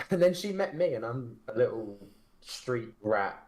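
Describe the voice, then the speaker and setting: A man's voice: medium pitch, big pitch swings, unhurried, a little mellow, rough recording. A 26-year-old man with a Milton Keynes accent, chatting casually on a game dev stream and telling loose, filler-heavy stories. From England. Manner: rambling, filler-heavy storytelling with light laughter. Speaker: game developer stream co-host.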